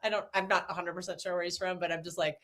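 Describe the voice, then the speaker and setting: A woman's voice: fairly low pitch, level tone, racing, a bit bright. A woman hosting a late-night live stream, chatting casually and laughing often. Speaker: stream host.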